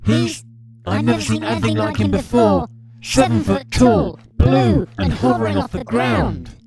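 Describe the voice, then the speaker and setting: A man's voice: medium pitch, lively intonation, normal speed, a loud crowd, close to an everyday voice. A man voicing a frightened young male corporal who stammers in panic. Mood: terrified.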